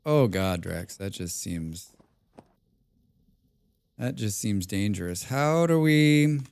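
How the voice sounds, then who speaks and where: Live-streaming a survival game, a man chats casually with his viewers, talking both to himself and to chat and repeating his own phrases. His lowish, gravelly voice has a darkish tone and is expressive and slow, recorded cleanly with no echo.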